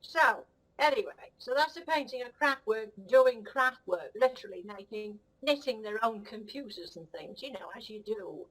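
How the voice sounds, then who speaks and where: A woman's voice: fairly high pitch, animated, normal speed, a bit bright, poor audio. A woman voicing a vain, cheeky female cat who rambles rudely and admires herself. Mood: cocky rambling. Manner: rambling, rude, self-admiring, giggly. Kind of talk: comic puppet-style monologue.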